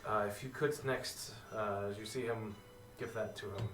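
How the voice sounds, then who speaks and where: A man's voice: fairly low pitch, fairly even intonation, moderate pace, fairly bright tone, slight background noise. Man game master, hesitant tabletop narration, recorded far off in a roomy space. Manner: hesitant, filler-heavy narration. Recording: echoey room, far from the mic, faint music.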